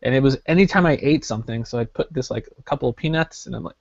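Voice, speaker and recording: A man's voice: mid-range voice, racing, no echo. A young man co-hosting a podcast, telling a story casually with lots of filler words. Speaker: podcast co-host. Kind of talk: casual chat. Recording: slightly dull lo-fi podcast audio.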